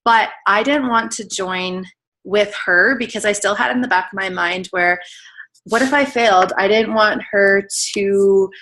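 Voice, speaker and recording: A woman's voice: mid-range voice, measured pace, a bit bright, rough recording. Woman in her 30s telling her story on a call, candid, gets emotional, says like a lot. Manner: candid, emotional, chatty with many "like" fillers. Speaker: guest telling her weight-loss story. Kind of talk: personal testimonial on a team call.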